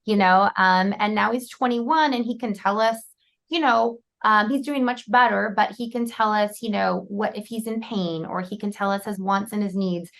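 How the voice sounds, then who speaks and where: A middle-aged woman interviewing a doctor, talking in a conversational way and telling family stories with lively acted quotes. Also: mid-range voice, moderate pace, gravelly.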